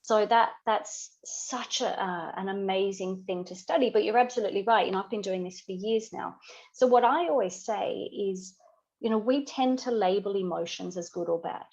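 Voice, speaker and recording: A woman's voice: mid-range voice, normal speed, creaky, a little mellow, lo-fi sound. A woman guest who coaches business builders, explaining ideas earnestly in a reflective podcast conversation, with many "you know" asides.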